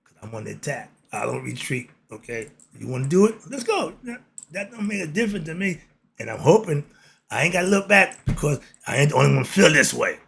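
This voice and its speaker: A man's voice: on the high side, sing-song, fairly quick, creaky, a bit bright, a little hiss or hum. A man hosting a casual political monologue, blunt and streetwise, asking himself "why?" and answering. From United States. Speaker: commentary channel host.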